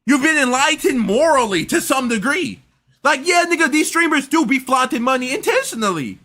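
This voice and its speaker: A man rants through a reaction commentary in a high, bright voice that jumps all over the place. He sounds exasperated and rambles, stumbling and repeating words as he goes. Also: big pitch swings, a little fast. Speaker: reaction streamer.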